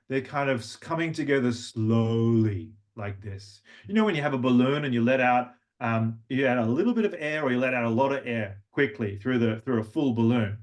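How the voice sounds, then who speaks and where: A man's voice: mid-range voice, normal speed. A man working as a voice coach, leading a live workshop and patiently talking participants through vocal exercises. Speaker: language and voice coach.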